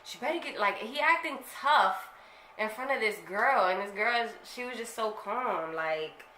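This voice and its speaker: A woman's voice: on the high side, animated, unhurried, bright, forceful tone. A young woman vlogger telling a personal story to her viewers in a candid, slangy way, swearing freely. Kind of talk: casual storytelling to camera. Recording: echoey room with faint noise.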